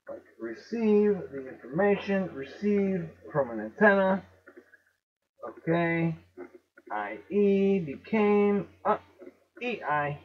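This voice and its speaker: A man with a Chicago accent talks casually to his viewers. He is emphatic, repeats words and spells out letters slowly. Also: sits high, expressive. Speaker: video host. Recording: dull lo-fi recording.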